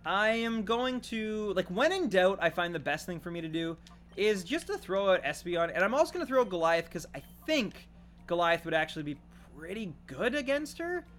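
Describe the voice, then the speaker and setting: A man streaming a video game live, commenting excitedly on his moves and chatting with viewers. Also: high voice, normal speed.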